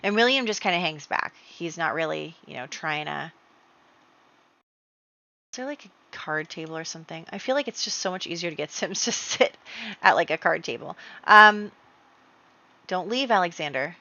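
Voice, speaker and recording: Chatty woman narrating a game, bright. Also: lowish voice, expressive, vocal fry. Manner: chatty, storytelling with many fillers and quick acted quotes. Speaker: gameplay narrator. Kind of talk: casual gameplay commentary. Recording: dull, lo-fi home mic.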